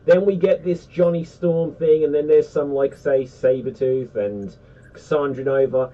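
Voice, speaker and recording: Casting note: animated, rambling man on a geek panel, slightly high voice, dull and distant recording. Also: unhurried. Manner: rambling, animated, many fillers. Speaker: panelist on a geek pop-culture show. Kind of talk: casual chat.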